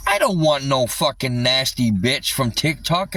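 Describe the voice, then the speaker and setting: A man's voice: mid-range voice, animated, unhurried, fairly bright tone, no echo. A man livestreaming an agitated rant, swearing constantly, with his voice a little distant from the mic.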